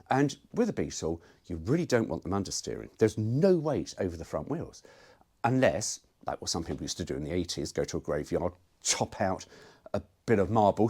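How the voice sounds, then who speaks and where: Husky, chatty man. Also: lowish voice, a little mellow. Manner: chatty, rambling and jokey, with swearing. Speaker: car vlogger. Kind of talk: casual workshop chat to camera.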